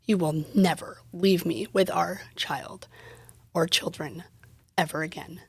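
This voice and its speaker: A furious, abusive husband snarls his threats in a hushed, hissing whisper, as a woman quotes him. The voice is gravelly and husky, and it sounds dry and close. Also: lowish voice, steady tone, a little slow, dry recording, full character voice. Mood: hissing fury. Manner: hissed, hushed delivery. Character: angry abusive husband, big man.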